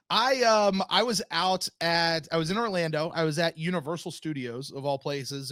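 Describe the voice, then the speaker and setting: A man's voice: fairly high pitch, no room sound, clean studio sound. A man hosting a sports fan podcast in casual chat, telling stories and acting out the voices in them. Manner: animated storyteller, acts out voices in anecdotes. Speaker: podcast host.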